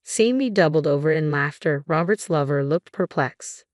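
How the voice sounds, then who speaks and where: Low-voiced woman narrating a drama story. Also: lively intonation, normal speed, no room sound, studio quality. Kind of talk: scripted first-person story narration.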